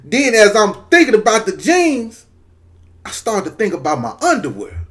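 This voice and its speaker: Animated profane man telling a story. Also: high-pitched, moderate pace. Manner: animated, profane, acts out quoted voices. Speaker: storyteller vlogger. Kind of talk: casual storytelling to camera.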